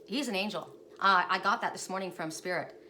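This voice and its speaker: Woman card reader, casual and rambling, home recording with clear background noise. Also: on the low side, fairly quick, bright, forceful tone. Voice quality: rambling, chatty, with frequent restarts. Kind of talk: casual spiritual card reading.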